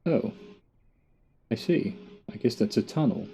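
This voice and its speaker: A man's voice: fairly low pitch, animated, a little slow, creaky, dark tone, slight background noise. A middle-aged Australian man giving casual gameplay commentary, muttering to himself with dry, self-mocking jokes. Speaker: gamer.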